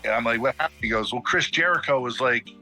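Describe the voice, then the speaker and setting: A man's voice: mid-range voice, fast talker, soft background music, rough recording. A middle-aged man telling a long story as a podcast guest in a casual way, acting out the dialogue of the people in it. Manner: animated, acts out dialogue in quotes.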